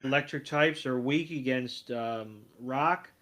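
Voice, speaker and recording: A man's voice: mid-range voice, takes it slowly, fairly bright tone. A man co-hosting a podcast, recapping a cartoon episode with wry, dry asides and some swearing. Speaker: podcast co-host.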